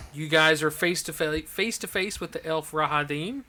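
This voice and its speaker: A man narrating as game master for a livestreamed tabletop game, relaxed and halting, with many ums and restarts. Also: a little high.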